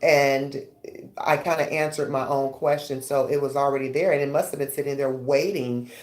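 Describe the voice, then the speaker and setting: Low-voiced, lively radio host woman. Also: normal speed. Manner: animated storyteller, rising pitch when excited. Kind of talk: casual interview chat.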